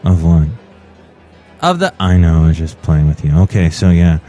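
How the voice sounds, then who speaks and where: A deep, gruff engineer, put on by a man, who answers in a flat deadpan. His voice sits low and pushes loud. Faint music plays underneath. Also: moderate pace.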